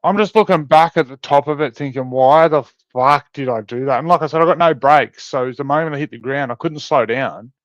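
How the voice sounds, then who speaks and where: A man with an Australian accent in casual chat, telling rough, profanity-laced stories as a podcast co-host. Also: on the high side, brisk, hardly any pauses, no echo. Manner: swearing-heavy, animated storytelling. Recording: dry, slightly dull sound.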